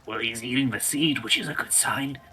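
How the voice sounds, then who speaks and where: A man's voice: mid-range voice, a little fast, sharp tone, poor audio. A man narrating a tabletop game as game master, playful and descriptive with hesitant fillers.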